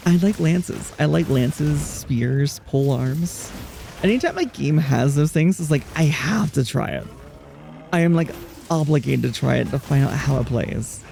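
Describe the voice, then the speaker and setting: A man streaming live who chats casually with his viewers in a soothing, relaxing, soft-spoken voice with gentle pauses. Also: fairly high pitch, gravelly, a little hiss or hum. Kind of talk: casual chat, answering viewers while gaming.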